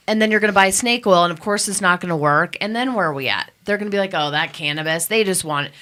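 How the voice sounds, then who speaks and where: Indignant woman with a bright voice. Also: low-pitched. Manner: emphatic, indignant, storytelling with quoted voices. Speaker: cannabis testing lab owner, guest. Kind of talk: passionate radio talk. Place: radio studio.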